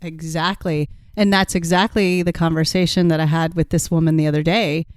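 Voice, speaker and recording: A woman's voice: sits low, fairly even intonation, brisk, dry recording, studio quality. A woman co-hosting a podcast in casual chat, encouraging and coaching her co-host. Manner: encouraging, coaching tone, pushes the other to act.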